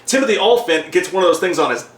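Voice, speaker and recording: Man, casual plot recap, profane, slightly high, echoey room. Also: animated, rapid-fire. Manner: profane, retells plot with laughs. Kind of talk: casual movie review chat.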